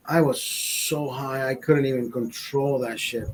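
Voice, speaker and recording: A man's voice: on the high side, measured pace, a little hiss or hum, rough recording. A man in his forties from Honduras telling a rambling, profane story in casual chat, laughing as he goes. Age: 40s. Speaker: podcast host.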